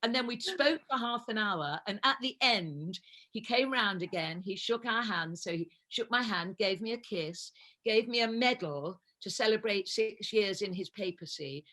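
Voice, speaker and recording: This English guest actress, in her 70s, chats casually on a talk show, laughing frequently as she tells her stories. She speaks at a moderate pace in an expressive, medium-pitched voice with a sharp tone.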